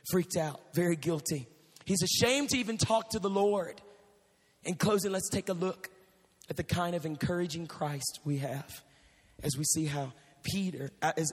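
Animated high-voiced male preacher. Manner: animated, emphatic, addresses crowd directly. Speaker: youth preacher. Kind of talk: sermon. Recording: reverberant hall with faint music.

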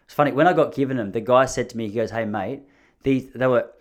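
A man's voice: mid-range voice, fast talker. Aussie guy in his 30s rambling through a funny story, jokes at his own expense. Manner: rambling, joking, self-mocking. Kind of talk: casual storytelling monologue.

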